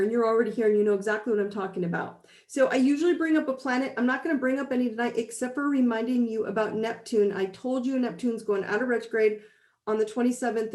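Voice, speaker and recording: A woman's voice: on the high side, a little mellow, reverberant. A middle-aged woman life coach giving a blunt, emphatic motivational talk on a live stream.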